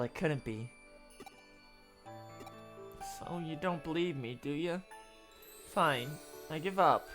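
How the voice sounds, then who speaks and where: A streamer reads all the characters of a video game aloud in a mid-pitched voice, breaking off for laughing asides. Faint game music plays underneath. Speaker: streamer reading a game's dialogue aloud.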